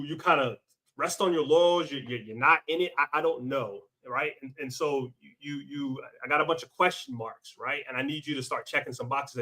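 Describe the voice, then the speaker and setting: A man's voice: fairly high pitch, bright, forceful tone. A man co-hosting a football podcast, talking casually and emphatically, often repeating himself. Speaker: podcast co-host. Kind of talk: casual football scouting talk.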